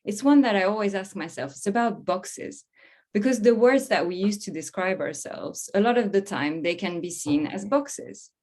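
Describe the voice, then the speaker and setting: A woman's voice: mid-range voice, lively intonation, a little mellow. A woman from France, hosting an online panel in a chatty way. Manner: chatty, quick, with many fillers. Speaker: host. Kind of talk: webinar hosting.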